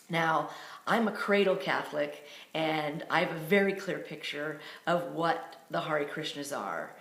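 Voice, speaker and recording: A woman coach telling a personal story in a dramatic, animated way. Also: low-pitched, roomy sound. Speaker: authenticity coach.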